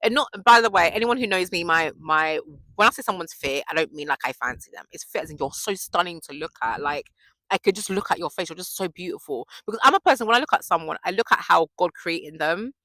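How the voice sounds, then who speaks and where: A young woman chatting to camera in a faith vlog, telling stories in an excitable, gushing way. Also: fairly low pitch, fast, no echo. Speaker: faith vlogger. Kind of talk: casual chat to camera.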